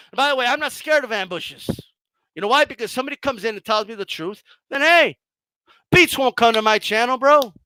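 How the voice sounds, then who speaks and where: A man hosting a boxing channel, gloating and mocking his critics in a heated rant, swearing often and shouting at times. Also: very high-pitched, creaky, no room sound. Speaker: boxing commentator and channel host.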